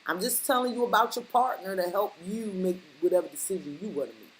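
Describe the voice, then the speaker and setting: A woman's voice: medium pitch, lively intonation, quick pace, a little hiss or hum, low-quality recording. A woman reading tarot cards straight to the viewer in a casual, blunt way, repeating her points for emphasis. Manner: emphatic, repeats lines for stress, blunt slang. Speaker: tarot reader.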